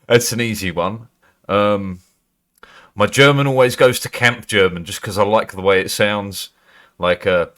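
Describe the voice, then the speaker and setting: Brit streamer guy, lowish voice, swears a lot, loose chatty talk. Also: moderate pace, fairly bright tone. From Britain. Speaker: livestreamer. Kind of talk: casual live-stream chat.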